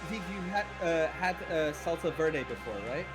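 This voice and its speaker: Expressive, enthusiastic stream guest. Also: mid-range voice, normal speed, over music. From Germany and Iran. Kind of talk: casual chat.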